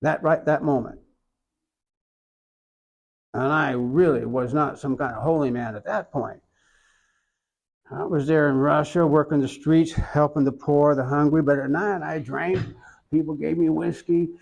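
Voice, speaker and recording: An older man with an Oklahoma accent, an interviewee who tells his story slowly and reflectively, with many pauses. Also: fairly high pitch, fairly even intonation, creaky, darkish tone, highs cut off. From Oklahoma, USA. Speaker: interviewee, iconographer.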